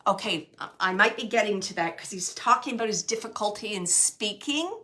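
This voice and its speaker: A woman giving a live mediumship reading, halting and searching, with many fillers as she relays messages. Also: medium pitch, sharp tone. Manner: relays spirit messages to the sitters.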